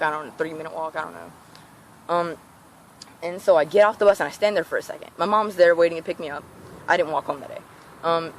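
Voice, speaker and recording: A woman's voice: low voice, a little hiss or hum. A teenage girl telling a storytime rant in a casual vlog, acting out what people said. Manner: animated, acts out quoted voices. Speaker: vlogger.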